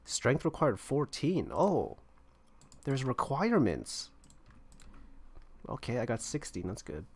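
A man's voice: mid-range voice, huge pitch swings, slow, long pauses, breathy edge. A man giving casual gameplay commentary, thinking aloud and rambling as he explores an online game. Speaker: gamer playing online roleplaying servers.

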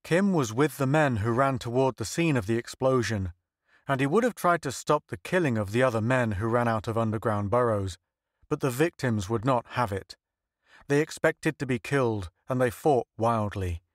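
Reading an audiobook from a script, a man speaks at middle pitch with even, measured pacing. The sound is close to the mic and dry, free of room sound or echo.

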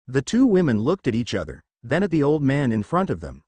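Lively man narrating a fan story. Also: medium pitch, a little fast, hardly any pauses, breathy edge, no echo. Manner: animated storytelling. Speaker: fan fiction reader.

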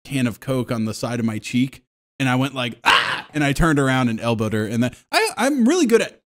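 Male podcast co-host, 30s, lively pitch and playful storytelling, casual and laughing. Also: brisk. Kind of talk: casual chat.

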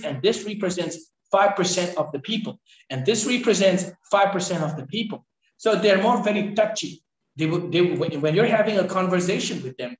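A man from Northeast India giving a training lecture. He repeats key phrases and keeps checking in with "right?". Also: fairly high pitch. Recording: echoey room.

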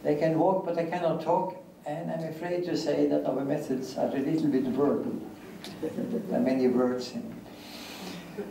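A man's voice: a little high, fairly even intonation, creaky, warm tone. Older man lecturing in an echoey hall. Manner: deliberate, repeats key phrases, acts out children's voices. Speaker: guest lecturer. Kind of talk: academic lecture answering questions. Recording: echoey hall, distant mic, faint hiss.

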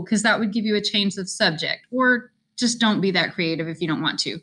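A woman's voice: medium pitch, brisk, hardly any pauses, sharp tone. A woman teacher explaining a Spanish class assignment step by step in a chatty, casual screen-recorded walkthrough. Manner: chatty, repeats directions step by step.

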